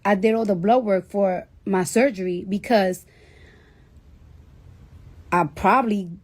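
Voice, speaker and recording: A woman's voice: medium pitch, unhurried, a little mellow. A woman telling a personal story to her livestream viewers, rambling and swearing, with "like" all through her talk. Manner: rambling, profane, heavy use of "like". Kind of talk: casual storytelling.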